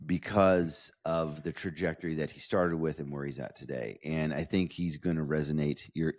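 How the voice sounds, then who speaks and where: A man hosting a podcast interview, talking enthusiastically and effusively, often restarting his phrases. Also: rumbling low. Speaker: podcast host.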